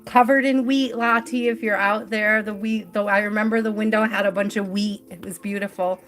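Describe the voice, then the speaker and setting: A woman's voice: medium pitch, steady tone, normal speed, fairly bright tone. A young adult woman hosting a live tarot stream, telling a personal story in a chatty way, laughing often and filling her talk with "like".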